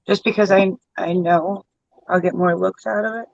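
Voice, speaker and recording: A man's voice: high voice, steady tone, normal speed, creaky, dry recording, muffled recording. A man chatting casually while face painting, rambling with lots of fillers.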